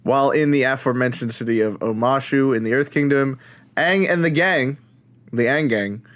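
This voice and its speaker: A man's voice: medium pitch, normal speed, fairly bright tone. A man co-hosting a podcast, casually recapping episodes with a laid-back, joking manner. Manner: laid-back, summarizes plot with jokes. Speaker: podcast co-host.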